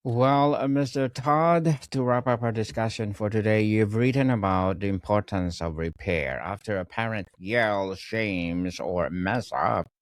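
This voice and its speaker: A man hosting an interview, asking a wrap-up question in a formal, slightly halting way. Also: on the low side, no room sound. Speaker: interview host.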